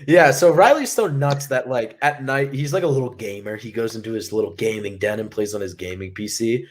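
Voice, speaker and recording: Young guy on a podcast, rambling and swearing, says "like" nonstop, lively casual storytelling. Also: mid-range voice, a little fast. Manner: rambling, profane, lots of "like" fillers. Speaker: podcast co-host. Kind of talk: casual storytelling to a live chat.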